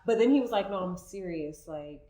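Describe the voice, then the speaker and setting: A woman's voice: fairly low pitch, expressive, fairly quick, dark tone. A woman on a podcast who tells a personal story emotionally, with lots of "like" fillers. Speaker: guest co-host. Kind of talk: casual podcast chat. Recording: echoey room.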